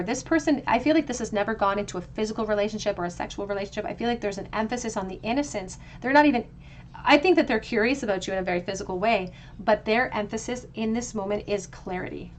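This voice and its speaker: A woman's voice: medium pitch, a little hiss or hum. A woman giving a pick-a-card tarot reading, talking in a flowing, reflective way and often restarting her phrases. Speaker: tarot reader.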